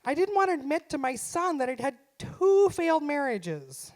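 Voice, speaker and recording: A middle-aged woman doing stand-up live in a theater, her voice sitting a touch high for a woman. She talks punchy and self-deprecating into a stage mic. Now and then she acts out her own son in a put-on voice. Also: big pitch swings, moderate pace. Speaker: stand-up comedian. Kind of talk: stand-up comedy set.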